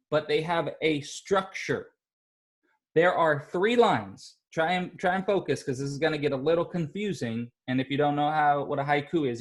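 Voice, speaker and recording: A male elementary school teacher leading a class of young children, upbeat and encouraging, sounding out syllables slowly. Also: a little high.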